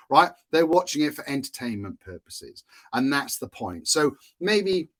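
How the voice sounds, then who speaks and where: Male instructor from Wales, casual teaching talk, chatty, mid pitch. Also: big pitch swings, a little slow, fairly bright tone. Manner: chatty, often checks in with "right?". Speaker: course instructor.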